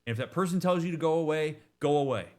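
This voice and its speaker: A man's voice: a little high, darkish tone. Emphatic, direct man explaining grief. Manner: emphatic, direct, with quick asides and restarts. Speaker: therapist reacting to a game. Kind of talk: casual explanatory commentary.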